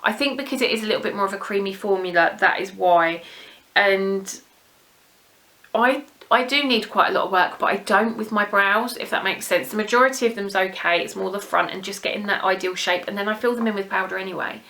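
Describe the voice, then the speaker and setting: A young British woman chatting to her camera as a beauty vlogger, rambling and gushing in an easy, friendly flow. Her tone is crisp and sharp, with a middling pitch. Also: fairly quick. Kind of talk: casual chat to camera.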